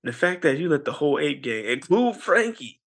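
A man co-hosting a podcast, telling a story in a casual, animated way and jumping into high voices whenever he quotes people. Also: quick pace, creaky. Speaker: podcast co-host.

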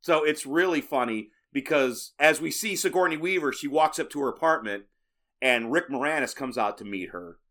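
A man's voice: medium pitch, expressive, moderate pace, fairly bright tone. A man co-hosting a casual movie podcast, chatting and recounting film trivia. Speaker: podcast co-host.

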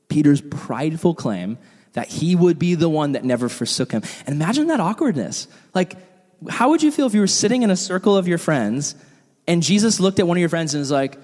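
A young man leading a casual Bible study, talking in a relaxed, conversational way full of asides and fillers. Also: fairly high pitch, brisk, long reverb tail.

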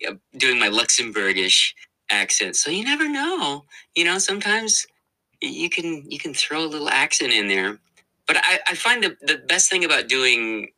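Male voice actor guest, very bright forceful tone, lively pitch, easygoing and chatty. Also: low-quality recording. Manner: animated, laughs often, many fillers and restarts. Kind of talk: casual interview chat.

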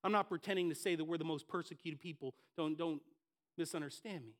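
Talking fast in a fairly high voice, a male pastor delivers an energetic sermon. He dramatizes the congregation's inner voices through brief quoted lines.

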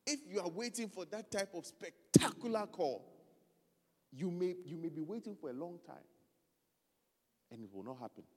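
A man preaching a lively sermon, loose and joking, often stopping to find his place in the text. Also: high-pitched, husky, long reverb tail. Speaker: pastor.

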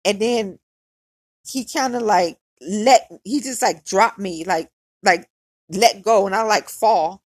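A woman's voice: medium pitch, slow pace, no echo. A woman telling a personal story on her podcast in a candid, conversational way, with lots of "like". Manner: candid and conversational, heavy use of "like".

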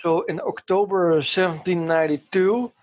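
Podcast co-host, man, slightly high voice, short reactive interjections. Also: moderate pace, darkish tone, no room sound. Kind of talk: casual chat.

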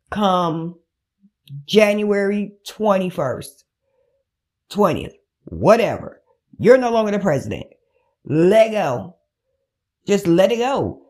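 A woman hosting her own podcast, ranting in casual profane commentary and acting out calls with friends. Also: medium pitch. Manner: animated, swearing, acts out phone calls with friends. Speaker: podcast host.

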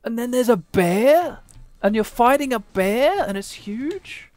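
A man co-hosting a let's play, chatting casually with animated, excited outbursts. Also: extremely high pitch, takes it slowly, no room sound. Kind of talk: casual gaming chat.

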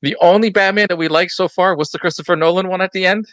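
A man hosting a casual chat who leads the talk in a brisk, upbeat way. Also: high voice, fairly even intonation, fairly bright tone, no echo. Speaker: podcast host.

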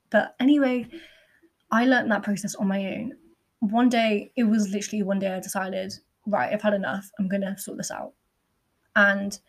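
A young woman hosts her podcast in a candid, earnest personal monologue, peppered with "like.". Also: medium pitch. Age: young adult. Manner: candid and earnest, with frequent fillers like "like". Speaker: podcast host.

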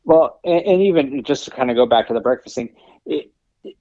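A man's voice: medium pitch, fairly quick, mellow, no room sound. Earnest male co-host, slightly muffled. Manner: earnest, explanatory, many restarts and "right?" tags. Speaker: podcast co-host. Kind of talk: casual chat.

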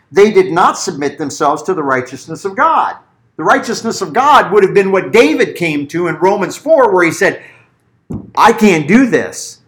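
A middle-aged man preaching a sermon as a pastor, telling stories and acting out little voices. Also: fairly high pitch. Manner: animated storytelling, acts out voices.

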